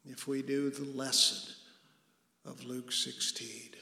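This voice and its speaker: Male pastor, slow deliberate sermon delivery, earnest with hushed emphasis, long hall reverb. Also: mid-range voice, little pitch movement, creaky. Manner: earnest preaching, dropping to a hush for emphasis.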